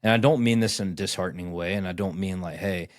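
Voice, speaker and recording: Low-voiced man telling rambling stories. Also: quick pace, dry recording, clean studio sound. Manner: rambling storyteller, acts out dialogue, swears often. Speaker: podcast host. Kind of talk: casual chat.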